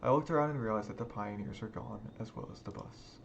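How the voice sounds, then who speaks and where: A man's voice: fairly low pitch, fast talker, gravelly, highs cut off, slight background noise. A man reading a visual novel aloud in a subdued, brooding first-person voice. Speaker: game let's-player. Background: game music.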